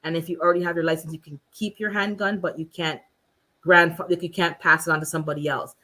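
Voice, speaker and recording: A woman hosting a casual chat, telling stories in an animated way and acting out quotes with laughter. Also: quick pace. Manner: animated storyteller, acts out quotes with big pitch jumps and laughter. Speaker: channel host.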